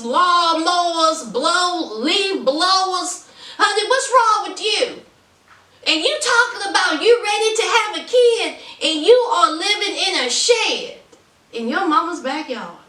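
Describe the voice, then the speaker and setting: Sassy high-voiced woman gossiping. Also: animated, slow pace, pushed and bright, recorded from a distance. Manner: sassy, gossipy, calls viewers honey and child. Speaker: reality TV reviewer. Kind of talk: casual commentary. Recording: roomy, voice off the mic.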